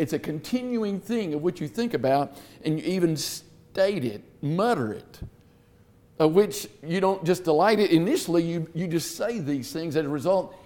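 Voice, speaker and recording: Male preacher, high-pitched, earnest teaching delivery that reads verses aloud. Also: a little mellow. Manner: earnest, repeats words, reads scripture aloud. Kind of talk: Bible teaching sermon.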